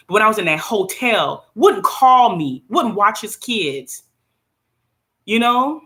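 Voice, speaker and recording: Touring her small apartment in a casual vlog, a middle-aged woman from the US vents bluntly, animated and frequently laughing, recorded on the phone camera in her hand. She speaks slowly at medium pitch, with slight background noise.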